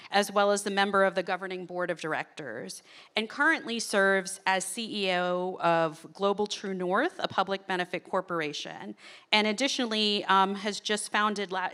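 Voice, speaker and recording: A woman's voice: mid-range voice, moderate pace, sharp tone. A woman moderating a conference panel on stage, chatty, with frequent ums and small laughs. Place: conference stage before an audience.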